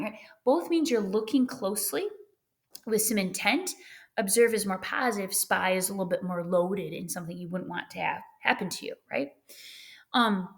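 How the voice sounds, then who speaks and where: A middle-aged woman teacher giving a recorded lesson in a lively way, often checking in with "right?" and "okay?". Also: medium pitch.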